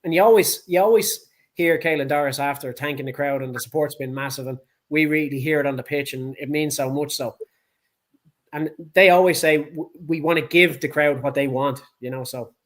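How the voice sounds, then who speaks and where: A man's voice: a little high, a little fast. A man with a Dublin accent co-hosting a casual sports chat, blunt, heated and full of swearing. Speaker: podcast co-host.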